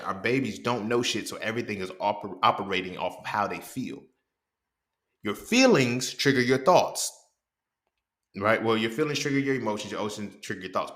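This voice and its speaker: Low-voiced blunt man in a roomy echo. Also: sharp tone. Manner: blunt and profane, keeps asking "you feel what I'm saying?". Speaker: host. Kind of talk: casual monologue commentary.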